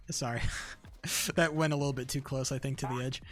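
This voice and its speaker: A young man streaming a game live, talking to his chat in a casual, profane and excitable way. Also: mid-range voice, normal speed, over music. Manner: profane, excitable, talks to chat between bursts of laughter.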